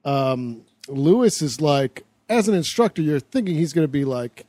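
A man's voice: a little high, expressive, normal speed, few pauses, warm tone, no room sound. A man in a casual movie chat, making wry quips and quoting characters. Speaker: podcast co-host.

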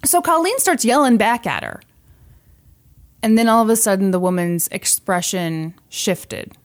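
Animated woman telling a story. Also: medium pitch, unhurried. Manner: animated storyteller, acts out quoted voices. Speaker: podcast host. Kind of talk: storytelling podcast chat.

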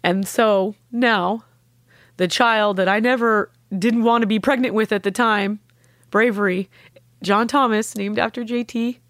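A woman's voice: on the high side, fairly even intonation, a little slow, a bit bright, no room sound, studio quality. A young adult woman telling an emotional personal story in earnest, heartfelt talk, acting out the voices of the people she quotes. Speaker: guest sharing a personal story.

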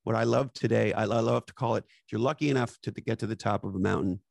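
A low-pitched man with a gravelly, creaky voice hosts a podcast conversation. He talks emphatically and bluntly, dropping casual profanity and catchphrases. The sound is dry and close. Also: fast talker, no echo. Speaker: podcast host.

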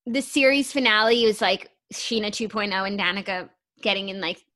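A woman's voice: medium pitch, a little fast, sharp tone. A woman co-hosting a casual pop-culture podcast, reading news items aloud and chatting about them. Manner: reads news stories aloud, then chats about them. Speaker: podcast co-host.

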